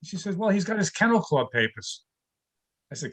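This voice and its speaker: An older man performs a stand-up comedy set over a video call, his voice sitting high. He lands deadpan one-liners about home life, each building to a punchline. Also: normal speed, long pauses, breathy edge, rough recording.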